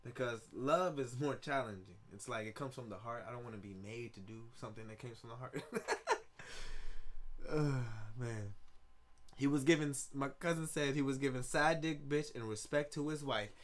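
A man's voice: mid-range voice, normal speed, a little hiss or hum. A man hosting a solo podcast in rambling, jokey casual chat, laughing often and tripping over repeated words. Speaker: podcast host.

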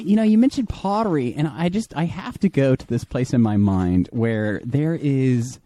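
A young man co-hosting a casual podcast, telling stories excitedly and acting out quotes. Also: medium pitch, normal speed, hardly any pauses. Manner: excitable, storytelling with quoted voices. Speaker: podcast co-host.

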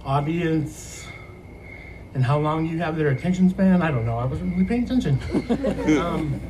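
High-voiced man telling a lively story. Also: unhurried, a little hiss or hum, poor audio. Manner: animated storyteller, laughs often. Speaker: student affairs house advisor. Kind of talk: podcast storytelling.

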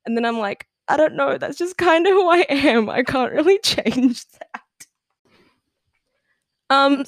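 A woman's voice: a little high, dry recording, clean studio sound. Giggly teen girl chatting on a podcast. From Australia. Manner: giggly, chatty, lots of "like" fillers. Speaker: podcast host. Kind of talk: casual solo podcast chat.

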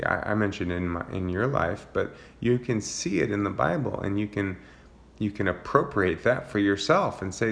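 A man with a low voice gives an informal Bible teaching. His voice has a gravelly, creaky edge. He reads scripture and then talks it through in a loose, thinking-aloud manner. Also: moderate pace. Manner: reads psalm passages aloud, then comments in a relaxed, searching way with fillers. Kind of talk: informal Bible study talk.

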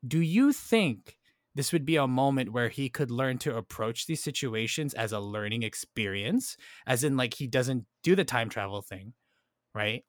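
A man's voice: mid-range voice, no echo, studio quality. Chatty man hosting a film podcast. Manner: thoughtful, keeps checking in with "right?" and "like". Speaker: podcast host. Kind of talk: casual film discussion.

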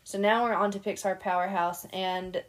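A young woman co-hosting a casual chat podcast, an animated storyteller who laughs often. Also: medium pitch, normal speed. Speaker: podcast co-host.

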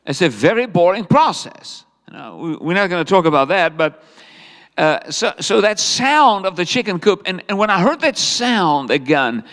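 A preacher gives a sermon in a high, fairly bright voice that swings energetically in a sing-song way at normal speed. He cracks jokes and throws rhetorical questions at the congregation while the church hall adds a long echo.

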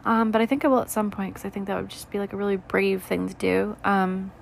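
A tired woman in her twenties, rambling candidly in a soft, low voice during a late-night reflective vlog chat, with lots of "like" and "you know". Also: flat delivery, quick pace, creaky, slight background noise. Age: 20s. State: tired, yawning. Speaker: vlogger.

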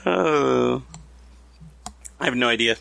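A man co-hosting a podcast in casual chat, telling stories in an animated, joking way. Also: medium pitch, takes it slowly, vocal fry. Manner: animated storyteller, jokey. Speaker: podcast co-host.

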